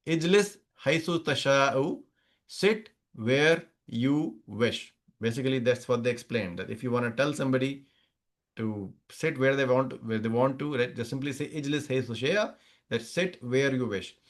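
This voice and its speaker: A man's voice: medium pitch, fairly quick. A man teaching a grammar class over a video call, explaining step by step, repeating examples and checking that students follow. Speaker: Arabic teacher. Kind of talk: online class lecture.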